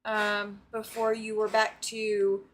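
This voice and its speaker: A woman's voice: medium pitch, completely flat delivery, slow, fairly bright tone. A woman from the Southern US with a Southern accent, hosting a casual quilting livestream, chatting and laughing as she reads viewer comments aloud. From Southern United States. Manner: chatty, laughs often, talks straight to viewers. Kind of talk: casual live-stream chat, reading viewer comments.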